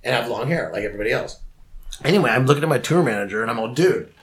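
A man's voice: mid-range voice, racing. Profane middle-aged man telling a story. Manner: profane, animated, repeats and restarts words. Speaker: guest musician. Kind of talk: casual storytelling.

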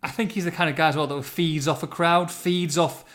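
A man's voice: fairly high pitch, steady tone, brisk, fairly bright tone. A man hosting a casual football podcast, chatty and teasing. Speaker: podcast host.

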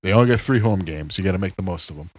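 A man's voice: sits low, very fast, no echo, rough recording. A man co-hosting a podcast, chatting casually about basketball and laughing often. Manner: laughs often, keen fan talk. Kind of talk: casual sports chat.

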